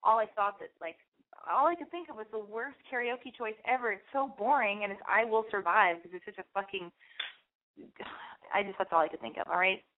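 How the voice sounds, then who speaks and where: A woman's voice: medium pitch, fairly quick. A young woman hosting a radio show, chatting in a rambling, candid way. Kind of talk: casual monologue. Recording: phone-like lo-fi radio stream.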